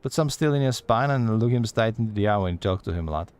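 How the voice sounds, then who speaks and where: A man's voice: on the low side, expressive, brisk, a little mellow, no echo, close to an everyday voice. Man putting on a Scottish-accented lady pirate recruiter. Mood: yarn-spinning. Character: female pirate-like guild receptionist, gruff and teasing. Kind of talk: reading game dialogue aloud.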